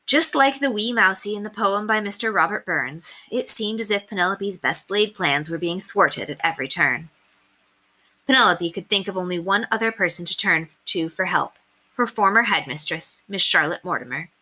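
A woman teacher reading a children's chapter book aloud, expressive and playing up the character voices. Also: mid-range voice, moderate pace. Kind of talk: children's read-aloud narration.

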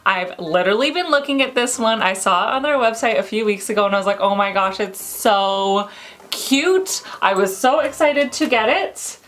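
A woman chatting to viewers while unboxing, gushing and excitable and squealing with delight. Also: on the high side, brisk, hardly any pauses. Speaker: unboxing vlogger. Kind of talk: casual unboxing chat to viewers.

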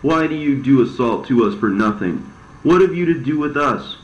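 A man's voice: medium pitch, animated, normal speed, slight background noise, pitched above the performer's own voice, lightly acted. A man voicing Eve, a sorrowful young woman who cries out in accusation against her deceiver. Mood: anguished. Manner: crying out, accusing. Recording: roomy, slightly dull recording.

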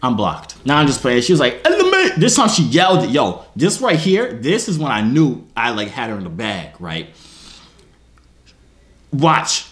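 A man's voice: mid-range voice, big pitch swings, moderate pace, few pauses. A young man YouTuber telling a comic story to his viewers, self-mocking and slangy, breaking things down as he goes.

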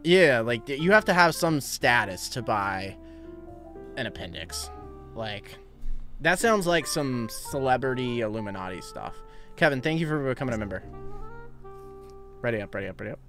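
A young man streaming a game, chatting casually, laughing often and quickly thanking viewers. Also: medium pitch, expressive, a bit bright, soft background music. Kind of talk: casual gaming livestream chat.

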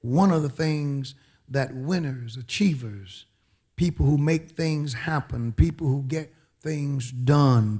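A man's voice: fairly high pitch, gravelly, warm tone, slightly rough. A man preaching a sermon as a bishop, emphatic, repeating phrases and calling out amen.

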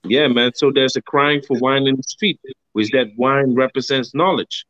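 A man's voice: medium pitch, moderate pace, fairly bright tone, no room sound. A man on a casual live stream discussing scripture, talking in an emphatic, slangy way, ending sentences with "man" and swearing freely. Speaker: co-host of a religious live stream. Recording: dull, dry sound.

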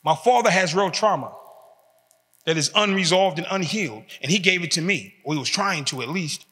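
Inside a large prison hall, a man delivers an emphatic motivational talk to prisoners, hammering on short repeated phrases. His high-pitched voice is animated, a little fast, pushed and bright, with the hall's long reverb around it.

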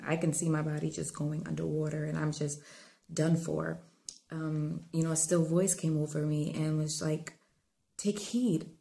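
A woman with a low voice speaks to her viewers with faith-based encouragement. Her tone is mellow and gravelly, and she talks earnestly with many fillers. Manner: earnest, conversational, with frequent fillers; rising to fervent preaching tone. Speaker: inspirational vlogger.

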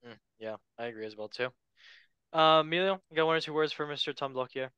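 A man's voice: a little high, fast, bright, forceful tone, clean tone, dry recording, lo-fi sound. A man hosting a casual football podcast, chatty and loose, handing the word to his co-hosts. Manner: chatty, loose, many fillers and asides. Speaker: podcast host. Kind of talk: casual chat.

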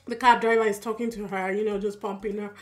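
A woman's voice: medium pitch, fast, faint music behind. Tired, chatty woman with a Yoruba accent. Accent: Yoruba-accented English. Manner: chatty and expressive, with many fillers. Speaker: drama reaction YouTuber. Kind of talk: casual recap.

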